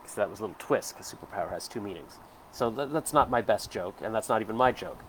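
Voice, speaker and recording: Here a vlogger in his forties reflects on himself on camera at home, his voice on the low side, expressive and quick. He wanders and hesitates, leaning on fillers, and there's a slight hiss or hum in the recording.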